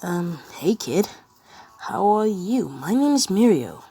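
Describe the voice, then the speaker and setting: A woman's voice: lowish voice, slow, mellow, slightly rough, voice pushed up. A woman voicing a cheerful, friendly teenage boy in a fan-made story. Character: cheerful young male student, upbeat.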